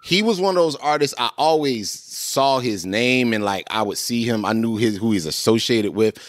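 A man's voice: moderate pace, no room sound, studio quality. A man hosting a podcast, chatting casually and animatedly. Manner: animated, laughing, swings high when excited. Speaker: podcast host. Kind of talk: casual chat.

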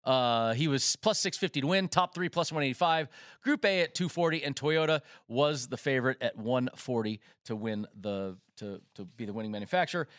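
A man co-hosting a sports betting show, running through odds and drivers in an excitable, rapid way from a studio. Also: mid-range voice, dry recording. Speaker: co-host.

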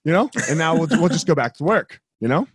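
Male podcast host, casual and profane, voice a bit high, dry close recording. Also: animated, quick pace, breathy edge, dry recording. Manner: laid-back, swears freely, leans on "right?" and "like". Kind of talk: casual chat.

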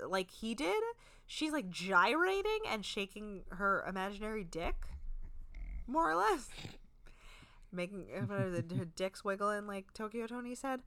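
A woman's voice: medium pitch, bright, forceful tone, clean tone, no echo. A woman co-hosting a recap podcast, talking in a frank, crude, chatty way full of filler words. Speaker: podcast co-host recapping a reality show. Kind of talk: casual chat.

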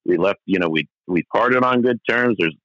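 A man's voice: fairly low pitch, moderate pace, a bit bright, dry recording, poor audio. Candid rambling male musician. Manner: rambling, many restarts and fillers, candid and profane. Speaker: interview guest, musician. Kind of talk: casual storytelling interview.

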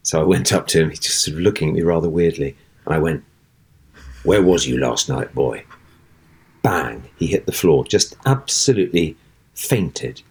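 Speaking a little fast in a low voice with a breathy edge, a middle-aged actor tells a lengthy stage story as an interview guest. He's animated throughout, acting out each voice in the tale.

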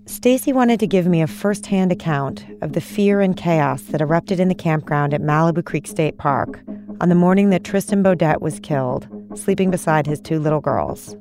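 A woman hosts a podcast with scripted narration, her voice sitting on the low side. Her storytelling is even and measured. Faint music plays underneath. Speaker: podcast host.

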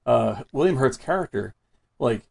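A man talks movies in a casual, rambling way. His voice is gravelly with a husky edge. He is eager and leans on plenty of uhs and likes. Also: medium pitch, lively intonation, moderate pace, darkish tone. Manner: rambling and enthusiastic, heavy on fillers.

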